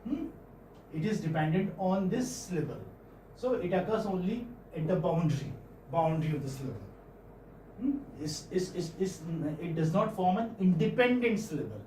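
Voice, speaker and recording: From the back of an echoey room, faintly noisy, comes the high, expressive, mellow voice of a man teaching phonetics. He's an English professor with an Indian English accent who often pauses and repeats words. He regularly checks whether students follow, asking "hmm?" and "okay?".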